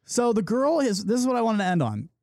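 A man's voice: high-pitched, fast talker, dry recording. Podcast host guy spinning a story, voice jumps all over, dry close mic. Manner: animated storyteller acting out quoted people. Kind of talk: casual chat, storytelling. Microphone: studio mic.

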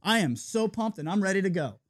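Man, high voice, very lively pitch, animated podcast storyteller. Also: a little fast. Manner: animated, acts out quoted dialogue. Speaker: wedding DJ telling a story.

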